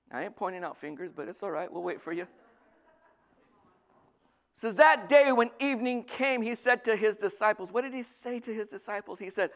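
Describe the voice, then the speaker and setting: A male pastor preaching a sermon, lively, swinging from loud bursts to soft asides. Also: high voice.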